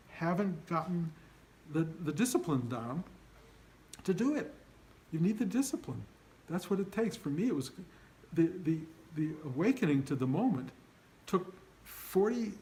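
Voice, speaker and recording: A man's voice: fairly high pitch, dark tone, a little hiss or hum, poor audio. An older man giving an informal spiritual talk to his students, earnest and emphatic, often acting out their inner voices. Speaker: spiritual teacher.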